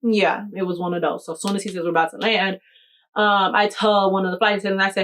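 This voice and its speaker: A young woman with a way of speaking, chatting through a storytime for her viewers. Her pitch sits in the middle of the range, and she talks lively and direct. She keeps checking in with the listener as she goes. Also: fast talker. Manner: animated, addresses the viewer directly with "you hear me?" and "okay, okay". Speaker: vlogger telling a story. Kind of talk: casual storytime chat.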